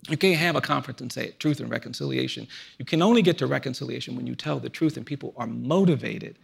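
Gravelly earnest man in his fifties. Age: 50s. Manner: earnest, measured, drops to a hushed low voice in stories. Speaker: guest speaker. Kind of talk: reflective storytelling conversation.

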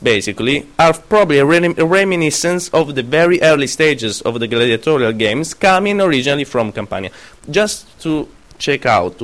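A man's voice: on the high side, a bit bright. A man lecturing a class, often stopping to question students and correct himself.

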